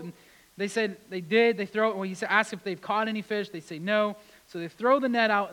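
A man preaching a sermon, repeating key words for emphasis and swinging between loud, raised passages and hushed, quiet ones. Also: high voice, rough recording.

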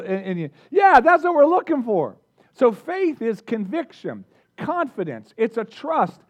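High-voiced energetic man preaching. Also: a little slow, dull audio. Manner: energetic, engages the audience with questions. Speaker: pastor. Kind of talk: sermon.

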